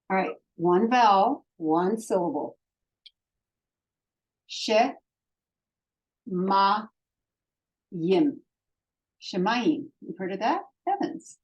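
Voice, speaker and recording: Slow, patient woman teaching Hebrew. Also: medium pitch, darkish tone. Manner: slow, patient, sounds out syllables for learners to repeat. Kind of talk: online language lesson.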